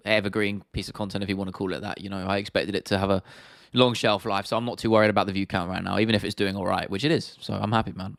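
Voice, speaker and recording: A young man with a London accent talks casually on a livestream, answering viewer comments in a loose, rambling way. His voice sits fairly low. The sound is dry and close to the mic. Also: fairly bright tone, no room sound. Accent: London English. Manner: chatty, reads and answers viewer comments, frequent restarts and "man", "bro", "mate". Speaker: livestream host.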